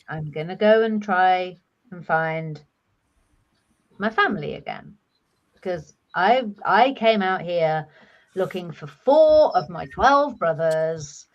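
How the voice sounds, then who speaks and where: A woman voicing a young woman who is working on her rage, speaking in character in a tabletop role-play with a halting, earnest manner. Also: on the low side, lo-fi sound. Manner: earnest, halting, with many fillers.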